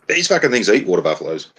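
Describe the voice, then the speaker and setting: A man's voice: lowish voice, sing-song, fairly quick, fairly bright tone, slightly rough. An Australian man co-hosting a podcast, telling profane, swaggering stories in casual banter. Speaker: podcast co-host.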